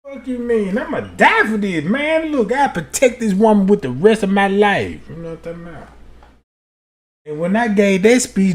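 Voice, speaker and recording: A man from the United States holds court on his livestream, riffing to the chat with a bright, high voice that leaps up and down. He talks loose and profane, laughs easily, and keeps checking that his listeners follow him. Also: moderate pace. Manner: animated, profane, laughs often; keeps asking "you know what I'm talking about". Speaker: livestream host. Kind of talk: casual livestream storytelling to chat.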